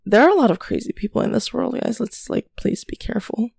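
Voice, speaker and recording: A young woman hosting a podcast, telling a story in a chatty, animated rant with frequent swearing and laughter. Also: a little high, fast talker, vocal fry, slightly rough, dry recording, studio quality. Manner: chatty, animated, swears freely, laughs often, many fillers. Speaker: podcast host. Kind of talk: casual chat, storytelling rant.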